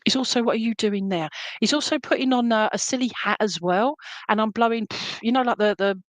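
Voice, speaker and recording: A woman's voice: on the high side, a little fast, dry recording, low-quality recording. A middle-aged woman, giving a live psychic reading. She relays messages in a chatty way and keeps checking in with "okay?" and "all right?". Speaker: psychic medium.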